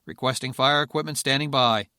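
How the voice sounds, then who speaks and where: A man voicing a stubborn male Air Force general who talks in calm, clipped, determined phrases. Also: medium pitch, brisk, no room sound, clean studio sound, natural voice.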